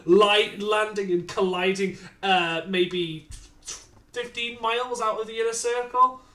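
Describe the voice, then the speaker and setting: A man's voice: sits high, steady tone, unhurried, pushed and bright, distant mic. A man running a tabletop game as dungeon master, narrating with many hesitant fillers and restarts. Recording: roomy, from off the mic.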